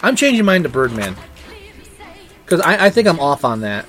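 A man with a fairly high, very lively voice that swings widely in pitch as he talks casually, stammering through restarts and pressing his points with emphasis. Faint music sits in the background. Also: normal speed, a faint crowd. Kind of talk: casual chat.

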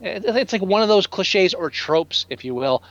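A man in his thirties talks movies on a podcast in an animated, profane way, jumping into quick impressions of film characters. His voice sits high for a man. The recording is dry and a little dull. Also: no echo. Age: 30s. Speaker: podcast co-host. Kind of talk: casual movie review chat. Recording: dry, slightly dull sound.

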